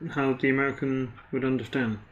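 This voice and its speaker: A man's voice: medium pitch, little pitch movement, fairly quick, highs cut off. A British man co-commentating a card game match in casual chat, with dry jokes and offhand asides.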